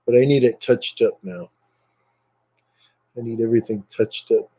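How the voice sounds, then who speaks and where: A man's voice: medium pitch, moderate pace, husky. A man hosting a casual livestream, rambling and reading viewer comments aloud, with lots of hesitant fillers. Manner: relaxed, hesitant with many fillers. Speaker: livestream host.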